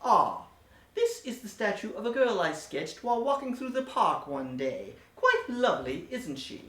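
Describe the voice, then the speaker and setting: A woman's voice: mid-range voice, very animated, normal speed, a bit bright. A woman voicing a pompous, theatrical villain professor who insults her henchman. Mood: scheming. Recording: echoey room, distant mic.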